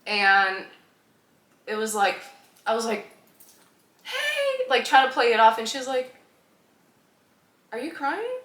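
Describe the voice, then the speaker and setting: A young woman vlogger telling a personal story in a lively, laughing way, acting out the voices of the people in it. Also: on the high side, moderate pace, long pauses, roomy sound.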